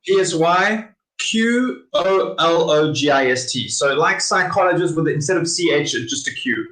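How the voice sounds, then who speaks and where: A man's voice: a little high, expressive, normal speed, fairly bright tone. A man appearing as a podcast guest, making his points casually and with some swearing. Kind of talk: casual chat. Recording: roomy echo.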